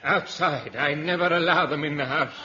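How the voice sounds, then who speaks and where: A man's voice: a little high, moderate pace, background noise, lightly acted. A man voicing a blustering, boozy old army major in 1950s radio comedy. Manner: blustery, bombastic. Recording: dull 1950s radio broadcast with studio audience laughter.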